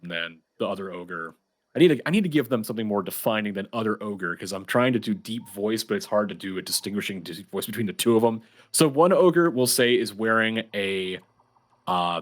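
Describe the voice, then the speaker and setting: A man's voice: low voice, fairly bright tone. A man narrating as game master of a tabletop game, chatty and loose with fillers.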